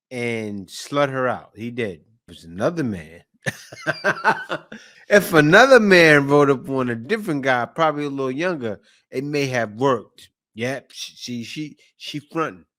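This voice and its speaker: A man's voice: mid-range voice, pushed and bright. Man, reaction host, casual commentary, joking, repetitive.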